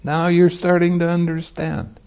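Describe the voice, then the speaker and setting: Male monk, meditation teacher, dharma talk; slow delivery, mellow voice, easy laughter. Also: a little high, completely flat delivery, smooth. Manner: light-hearted, laughs easily while teaching.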